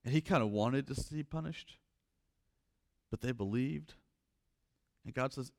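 A pastor preaching a sermon, reading scripture and commenting on it, moving between loud emphatic passages and quiet reflective stretches. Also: male voice, medium pitch, a little slow.

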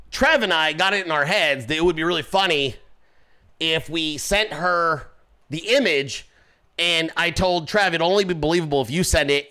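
A man's voice: fairly high pitch, bright, forceful tone, clean tone. A man hosting his own podcast, talking loosely and profanely, joking and swearing through his stories. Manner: acts out voices in anecdotes. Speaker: podcast host. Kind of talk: casual profane commentary.

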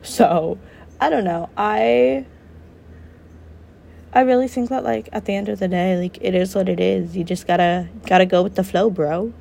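A woman's voice: medium pitch, steady tone, unhurried, vocal fry, pauses often, warm tone. A young woman co-hosting a podcast, talking bluntly and animatedly in a casual chat, swearing and joking. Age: young adult. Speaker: podcast co-host.

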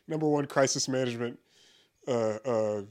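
A man's voice: mid-range voice, unhurried, darkish tone. Profane, rambling man laughing between rants. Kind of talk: casual comedic monologue.

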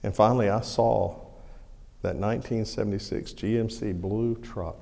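Middle-aged male pastor, folksy and animated, gravelly tone, long church reverb. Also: lowish voice, moderate pace. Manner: folksy, animated storytelling with acted shouts. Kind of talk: sermon storytelling. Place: church sanctuary.

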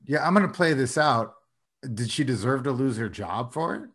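A man's voice: medium pitch, lively intonation, moderate pace, a bit bright, breathy edge. A young man co-hosting a casual podcast chat, probing and pushing back with questions. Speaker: podcast co-host.

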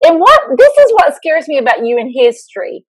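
A chatty woman co-hosts a casual podcast, laughing easily and restarting her sentences as she rambles. Her voice sits a little high and sounds dry and close to the mic. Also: huge pitch swings, brisk, dry recording, poor audio. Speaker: podcast co-host, school counselor.

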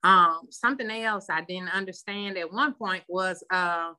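Bright woman rambling through a personal share, lots of ums, on a phone zoom call. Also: on the low side, unhurried, smooth. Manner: candid, rambling, many ums. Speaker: meeting member sharing. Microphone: phone on video call.

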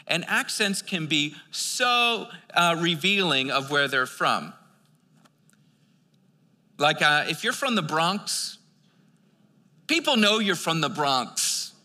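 Man, American preacher, piercingly bright tone, fairly high voice, reads scripture then chats about it. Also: sing-song, unhurried, in a large hall. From United States. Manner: reads scripture then explains it in casual asides; conversational, with filler words and restarts. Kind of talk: sermon.

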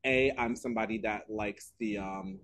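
A man co-hosting a podcast, telling stories in a casual, animated way and laughing often. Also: fairly low pitch, moderate pace. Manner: animated storytelling, laughs often, loses his train of thought. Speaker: podcast co-host. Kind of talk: casual chat.

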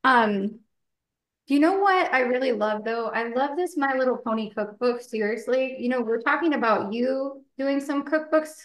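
Woman podcast co-host, slightly high, rambling and giggly, roomy kitchen sound. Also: moderate pace. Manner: chatty, many fillers, laughs often. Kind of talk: casual chat while baking.

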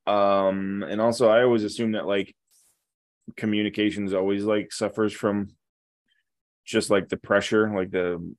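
A man's voice: on the low side, little pitch movement, unhurried, dry recording. A man co-hosting a podcast in casual chat, laid-back, often correcting and explaining details. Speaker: podcast co-host.

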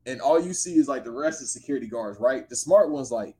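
A man's voice: mid-range voice, lively intonation, fast, dark tone. Slangy man telling a story casually.

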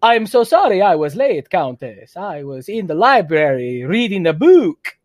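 A man's voice: sits high, very animated, unhurried, no room sound. Man doing a campy vampire count, mock vampire accent, dry close sound. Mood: hammy. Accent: mock Transylvanian vampire accent. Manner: hammy, overdone. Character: Count Dracula, theatrical male vampire.

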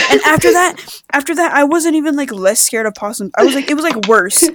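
Young female co-host, animated and profane storyteller, lively high voice, heavy background noise. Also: a little fast. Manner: profane, animated, breaks into laughter. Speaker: podcast co-host. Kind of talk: casual storytelling among friends.

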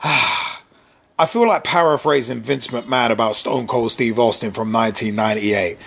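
Gravelly-voiced man ranting angrily. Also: mid-range voice, normal speed, fairly bright tone. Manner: angry, profane, sarcastic ranting. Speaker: vlog host. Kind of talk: political rant.

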